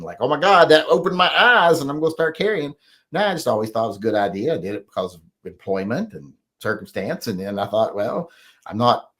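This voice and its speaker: A middle-aged man with a drawl, hosting a casual livestream and reading chat, blunt and opinionated. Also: mid-range voice.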